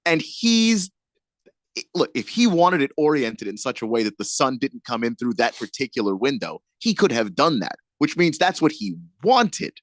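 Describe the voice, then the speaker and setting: A man in a middle register co-hosts sports talk radio in a relaxed, agreeable way, and his pitch rises and falls lively as he chats. His voice sounds dry and close to the mic. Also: moderate pace, few pauses, no echo. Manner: laid-back, chuckling, agreeable.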